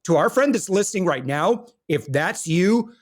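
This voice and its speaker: A man's voice: high-pitched, expressive, normal speed. A middle-aged man telling his business story as a podcast guest, candid and self-deprecating, with many fillers and restarts. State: briefly choked up. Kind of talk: conversational interview storytelling.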